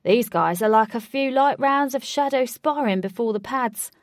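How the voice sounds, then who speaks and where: A woman's voice: a little high, moderate pace, no echo, clean studio sound, distant mic, voice pushed up, natural voice. A woman voicing a loyal, streetwise young male brawler who talks casually and insistently in a storybook reading.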